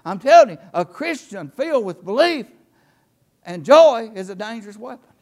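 An older man preaching a sermon in church, with impassioned delivery that swings from shouting to quiet, low talk. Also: very animated, normal speed. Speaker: pastor.

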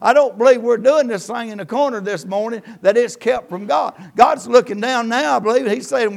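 Gravelly high-voiced pastor preaching. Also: male voice, moderate pace, hardly any pauses. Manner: preaching with rising and falling emphasis, quoting scripture. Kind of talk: Southern church sermon. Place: church.

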